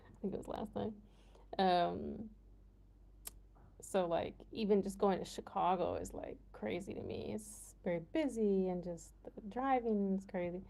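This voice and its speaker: Chatty Midwestern American woman, mellow voice. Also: mid-range voice, measured pace, creaky. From United States, Midwest. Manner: chatty, laughs often, heavy use of "like". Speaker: livestream host. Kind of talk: casual livestream chat with viewers.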